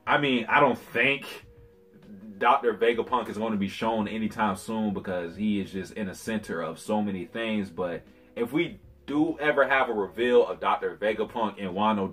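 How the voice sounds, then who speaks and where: A man with a husky voice reviewing anime chapters in a casual vlog, animated, slangy and profane. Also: lowish voice, normal speed, soft background music.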